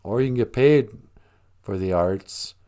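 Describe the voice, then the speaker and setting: A man's voice: on the low side, measured pace, warm tone. A man hosting a casual livestream from a small room at home, rambling and joking as he muses aloud with a lot of laughing. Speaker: livestream host.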